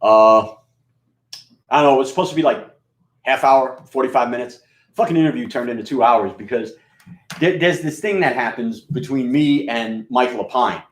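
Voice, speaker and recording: A man's voice: medium pitch, normal speed. A man from New York with a scratchy, rustic voice and a mixed Queens and Bronx accent, rambling through a profane, casual monologue full of fillers and restarts. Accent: New York mix of Queens and Bronx. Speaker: radio and video host. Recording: roomy echo.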